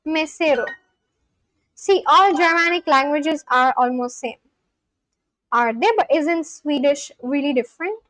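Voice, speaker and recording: Woman, high voice, dry sound, loose streaming chat with lots of restarts. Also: measured pace, long pauses, fairly bright tone, no echo. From India. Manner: thinks aloud, answers chat questions, repeats practice phrases with many restarts. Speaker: livestreamer learning a language. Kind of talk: casual live-stream chat.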